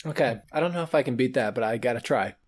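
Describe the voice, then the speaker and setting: Young male contestant, unsure, talks through guesses, animated voice. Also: medium pitch, quick pace. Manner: hesitant, thinks aloud. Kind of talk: casual chat.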